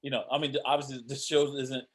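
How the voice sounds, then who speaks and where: A man's voice: medium pitch, level tone, a little fast, breathy edge. A man co-hosting a casual show review, rambling with lots of "you know" fillers.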